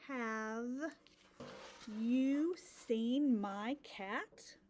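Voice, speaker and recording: Storybook boy looking for his cat, read by a woman teacher, slow drawn-out questions, a bit higher. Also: a little mellow, a little hiss or hum. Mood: asking. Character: young boy searching for his lost cat.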